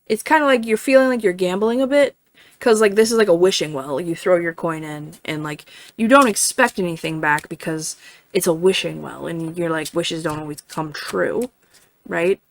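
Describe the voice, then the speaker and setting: A woman's voice: lowish voice, normal speed. A woman giving a casual tarot reading in a chatty way, full of fillers, often checking in with "right?" and swearing now and then. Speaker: tarot reader.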